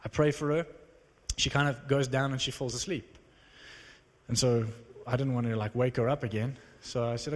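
A man preaching a sermon and telling stories with animated energy, acting out the dialogue. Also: mid-range voice, normal speed, long reverb tail. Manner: animated storytelling, acts out dialogue. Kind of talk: sermon with storytelling.

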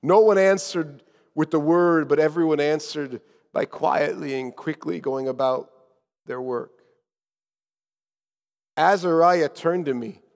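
A man preaching a sermon as a first-person story, told dramatically and often dropping to hushed tones. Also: on the high side, slow, long pauses, long reverb tail.

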